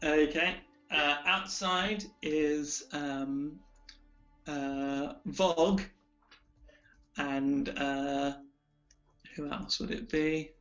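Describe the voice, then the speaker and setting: A man narrating a tabletop game as game master, slowly and with many fillers. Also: a little high, fairly even intonation, a bit bright, echoey room, faint music behind. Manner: slow, filler-heavy narration. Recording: dull lo-fi recording.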